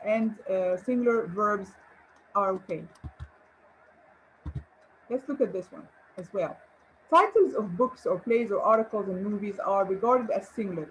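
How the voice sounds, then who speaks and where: A woman's voice: medium pitch, a little hiss or hum, low-quality recording. A woman English teacher giving an online grammar lesson, encouraging and asking her viewers questions. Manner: encouraging, rhetorical questions and praise.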